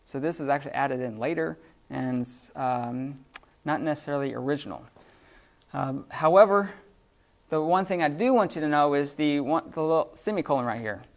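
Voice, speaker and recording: Gravelly-voiced man teaching a class. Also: fairly high pitch, normal speed. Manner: casual, filler-heavy explaining with frequent restarts. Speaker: Greek teacher. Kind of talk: unscripted classroom lecture.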